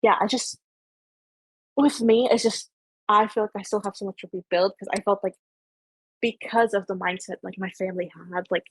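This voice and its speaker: A woman's voice: mid-range voice, fairly even intonation, moderate pace, pauses often, husky, dry recording. A young woman from Canada with a light Ontario accent, hosting a casual podcast chat and rambling with lots of "like". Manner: rambling, heavy on filler "like". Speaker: podcast host.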